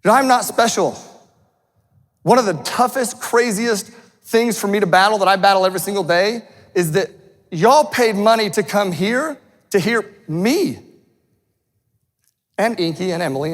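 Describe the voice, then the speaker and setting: A man's voice: sits high, expressive, normal speed, pauses often, long reverb tail. A man giving a fired-up motivational speech to a live audience, intense, swearing and calling people "man" again and again. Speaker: motivational speaker.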